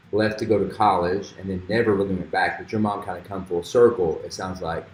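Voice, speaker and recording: Deep-voiced man interviewing, roomy sound. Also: slight background noise. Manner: friendly, rambling with fillers. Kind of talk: casual interview. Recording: roomy echo with faint music.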